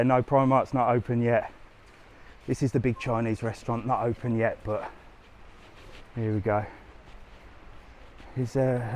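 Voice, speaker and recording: A travel vlogger strolls along a seaside tourist strip, chatting with viewers during a live vlog and answering their questions. His mid-range voice is a little mellow and moves at a normal speed, and he sounds chatty and cheeky as he responds to comments on the go. He films on a handheld camera while walking, with light street noise around him.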